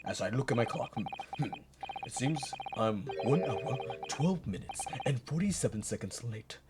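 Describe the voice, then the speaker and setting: A streamer voicing a pompous older British chief judge in a video game, with slow, formal and stately delivery. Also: mid-range voice, expressive, very noisy, pitched below the performer's own voice, close to an everyday voice. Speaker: game character dubbed by a streamer.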